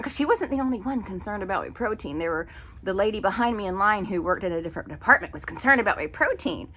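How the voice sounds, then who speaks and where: A middle-aged woman telling a story in an exasperated, animated casual rant with many fillers. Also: mid-range voice, fast, slightly rough. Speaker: vlogger. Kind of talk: casual ranting monologue.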